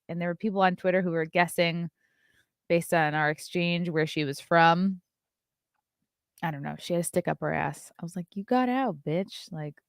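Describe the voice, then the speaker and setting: A woman's voice: fairly low pitch, a bit bright, smooth, no room sound, studio quality. A woman in her thirties hosting a live stream, telling brash, sarcastic stories and reading out viewer messages. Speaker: host. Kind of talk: casual live-stream chat.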